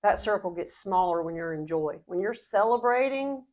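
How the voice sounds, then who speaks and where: A woman leading a casual Bible study discussion, animated and quick to laugh. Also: medium pitch.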